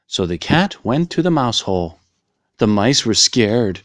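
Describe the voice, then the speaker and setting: Slow, lively male storybook reader. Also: on the low side, no echo, studio quality. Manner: slow, clearly paced storytelling. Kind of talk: reading a children's picture book aloud.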